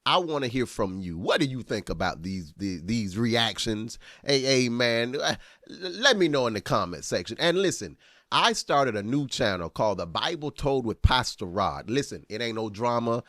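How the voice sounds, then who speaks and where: A man, a pastor, giving casual commentary as he reacts to clips, animated and often exclaiming. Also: medium pitch, normal speed, no room sound, clean studio sound.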